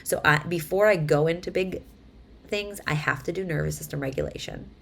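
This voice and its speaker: A woman in her thirties, a mother, talking casually to camera in a chatty, animated way, acting out quotes as she tells stories. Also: sits low, fairly quick, creaky, a little hiss or hum. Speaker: vlogger.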